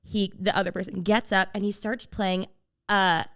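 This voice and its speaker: A young woman co-hosting a podcast, telling a story in casual chat, animated and full of "like" fillers, acting out what others said. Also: mid-range voice, moderate pace. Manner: animated, quotes people in shifting voices, many "like" fillers. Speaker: podcast co-host.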